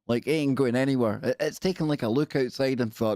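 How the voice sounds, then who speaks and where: A man's voice: medium pitch, fast, a little mellow, no echo, studio quality. A man hosting a livestream show, giving comic commentary on news stories with joking, rambling asides.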